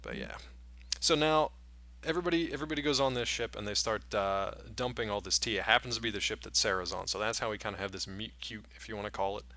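A man's voice: lowish voice, quick pace. A man co-hosting a podcast, joking and retelling cartoon scenes in casual chat. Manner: animated, jokey retelling with acted-out quotes. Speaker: podcast co-host.

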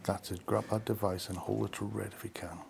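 A man hosting a ghost-hunting vlog, talking in a hushed voice as he walks through the rooms of an old mansion. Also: lowish voice, flat delivery, a little fast, vocal fry, a crowd in the background. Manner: hushed, keeping his voice down. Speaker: paranormal investigator host. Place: rooms of a large historic mansion, indoors.

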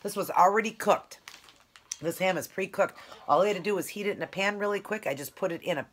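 A woman's voice: mid-range voice, fast talker. A woman chatting casually in a food vlog, talking in a rambling, affectionate way while eating. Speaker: keto food vlogger.

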